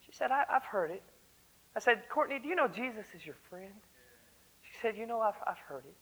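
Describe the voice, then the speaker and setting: A man's voice: high-pitched, animated, fairly quick, fairly bright tone, breathy edge, poor audio. A young man preaching a fervent, earnest sermon at a church service. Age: young adult.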